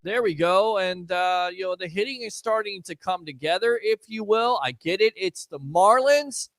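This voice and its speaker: High-voiced man hosting sports radio. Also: creaky, a bit bright, no room sound. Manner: chatty, fast, takes phone calls. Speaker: radio show host. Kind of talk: casual sports talk radio.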